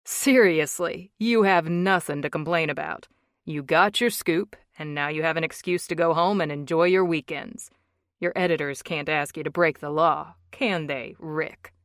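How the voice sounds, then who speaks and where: A woman's voice: sits low, normal speed, dry recording, studio quality. A woman narrator voicing a sarcastic, hot-tempered young man who teases wryly and drags out his words. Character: cocky teasing young man, sarcastic billionaire.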